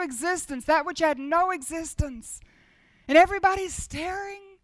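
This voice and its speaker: A woman preaching a sermon, moving between soft, intimate asides and loud, declaiming proclamation. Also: very high-pitched, moderate pace, no echo.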